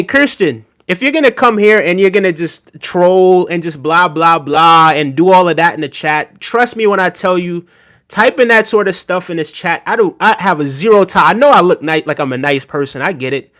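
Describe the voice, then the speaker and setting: This podcast host has a high-pitched, somewhat bright voice. On his livestream he reads the live chat and teases it casually, frequently tacking on "right?" and chuckling as he goes.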